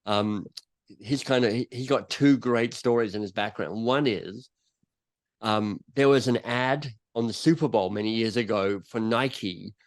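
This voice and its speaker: A man's voice: on the low side, unhurried. A man speaking as a guest author and coach in a podcast interview, telling stories and acting out little quotes as he goes. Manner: animated storyteller who acts out quotes.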